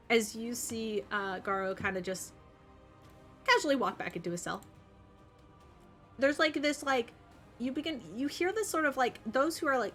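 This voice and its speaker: A woman's voice: fairly high pitch, sharp tone. A young woman narrating as game master of a tabletop game, chatty and full of fillers. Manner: chatty, lots of um and like.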